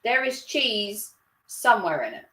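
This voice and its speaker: A woman's voice: medium pitch, sing-song, measured pace, bright, forceful tone. A woman chatting casually on a live stream, rambling and laughing often. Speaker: livestreamer. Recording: roomy echo.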